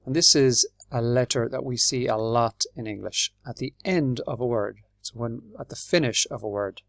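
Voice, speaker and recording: A man with an Irish accent teaching English, explaining patiently and clearly and spelling words out letter by letter. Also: medium pitch, moderate pace, fairly bright tone, dry recording. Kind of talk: slow, clear classroom explanation.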